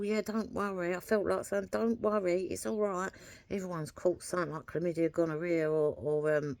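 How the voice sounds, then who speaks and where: A woman's voice: fairly low pitch, no room sound. A woman, telling a story in a rambling, chatty way and acting out the things she said. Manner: rambling, chatty, acts out her own quoted words. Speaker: vlogger. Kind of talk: casual storytelling to camera.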